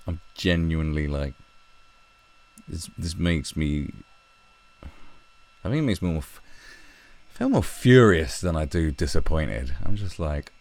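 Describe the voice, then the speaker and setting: Sarcastic man, very deep voice. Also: animated, unhurried, long pauses. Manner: sarcastic, profane, mocking asides, bursts into shouted impressions. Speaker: livestream host. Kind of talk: ranting commentary on a news story.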